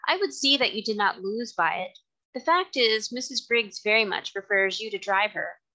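A woman reading a coaxing gentleman customer. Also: medium pitch, animated, normal speed, poor audio. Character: well-off gentleman customer, polite and persuasive.

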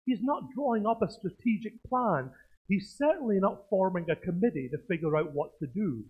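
Man, pastor, sermon, swooping lively pitch, joking asides, tinny phone-like sound. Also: moderate pace, husky. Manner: animated preaching with self-mocking jokes. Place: church. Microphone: speaking through a face mask.

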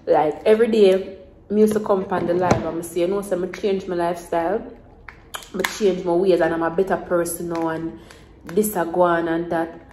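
A woman's voice: on the low side, little pitch movement, brisk, echoey room, background noise. A Jamaican woman in her twenties rambling in casual mukbang chat to the camera, repeating herself in Creole phrasing. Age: 20s. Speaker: vlogger.

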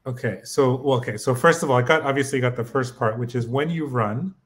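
A man learning in a casual chat, halting as he guesses meanings aloud and asks for phrases to be repeated. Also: medium pitch. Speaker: co-host and learner.

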